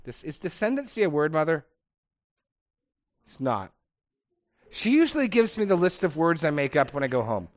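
A man's voice: on the high side, big pitch swings, normal speed, long pauses. A middle-aged man leading a casual Bible study discussion, chatty and digressive, laughing often as he talks.

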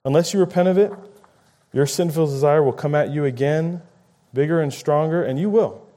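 A man's voice: a little high, normal speed, warm tone. A man preaching a conversational sermon, paraphrasing scripture and acting out quoted lines with rising emphasis.

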